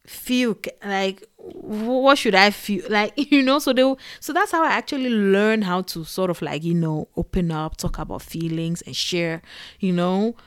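An animated woman speaks straight to her viewers in a loose, chatty way. She wanders off track, fills gaps with "like" and "you know", and breaks into quick laughs. Her voice sits at a middle pitch and sounds close and dry. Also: clean tone, no room sound. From Africa. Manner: animated, digressive, laughs often, many fillers. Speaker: vlogger and podcaster. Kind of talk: casual talk to camera.

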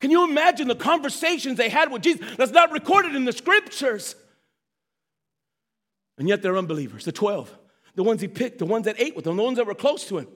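A man preaching a sermon as pastor, speaking straight to his congregation, swinging from hushed, slow lines to sudden shouts. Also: very high-pitched, expressive. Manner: addresses the congregation directly.

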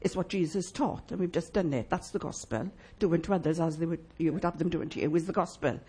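A woman preaching a sermon in church, emphatic and lively, asking the congregation rhetorical questions. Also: on the low side, fast, husky.

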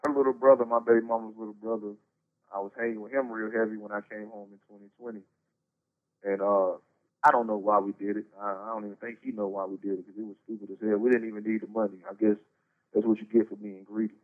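A man's voice: fairly low pitch, flat delivery, fast talker. A man, telling his story bluntly with lots of profanity and slang, rambling as he goes. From North Carolina, US. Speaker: incarcerated interview guest. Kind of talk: casual storytelling. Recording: tinny prison phone line.

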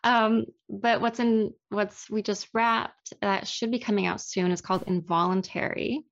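A woman's voice: mid-range voice, unhurried, gravelly, lo-fi sound. A young woman, an actress being interviewed, talking casually and laughing easily at herself. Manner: animated, self-deprecating, laughs often.

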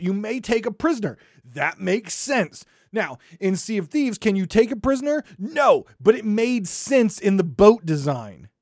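A podcast host ranting angrily and sarcastically, swinging from shouting to muttering. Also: medium pitch, no echo, studio quality. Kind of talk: solo gaming podcast rant.

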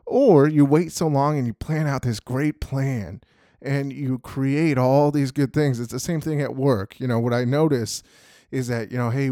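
A podcast host with a warm, mid-range voice delivers a casual motivational talk in clean, studio-quality sound with no echo. He keeps saying "you know" and checking in with the listener by asking "right?"

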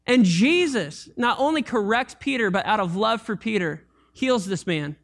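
A man preaching a sermon as pastor, animated and conversational, with jokes and asides to the congregation. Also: sits high, normal speed, gravelly.

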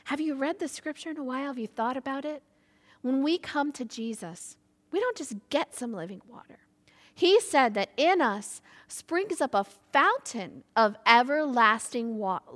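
A woman preacher delivers an animated sermon and acts out the people in her story. Her fairly high voice has a gravelly edge. The recording carries a long reverb, as in a large hall. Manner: animated, with laughs and acted quotes.

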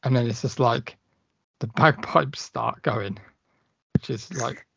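A man's voice: medium pitch, slow pace, gravelly, background noise. A man co-hosting a podcast, chatting casually about films and acting out lines in bursts. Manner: chatty, acts out lines from films in raised voices. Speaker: podcast co-host. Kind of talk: casual film chat. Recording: dull, slightly muffled podcast audio.

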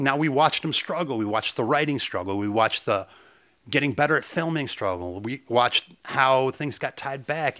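A man co-hosting a podcast in casual chat, excitable and profane, laughing often. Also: mid-range voice. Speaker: podcast co-host.

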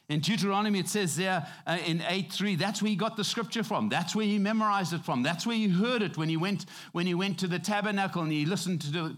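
Male preacher, fairly high voice, emphatic conversational sermon delivery. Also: a bit bright.

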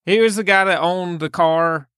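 A man with a slightly high voice trades deadpan, goofy asides in a casual movie-review podcast. The sound is close and dry, with no room around him. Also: moderate pace, clean tone, no room sound. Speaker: podcast co-host.

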